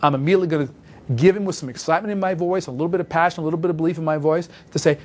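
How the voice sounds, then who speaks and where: Brisk, emphatic man teaching fast. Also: on the high side, steady tone, darkish tone. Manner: brisk, emphatic, repeats for stress. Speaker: sales trainer. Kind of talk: instructional talk with role-played phone calls.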